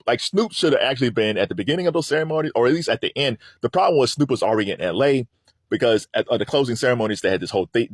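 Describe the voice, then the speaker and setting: A middle-aged man hosting a casual pop-culture commentary, animated and rambling, laughing often. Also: lowish voice, dry recording, clean studio sound. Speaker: host.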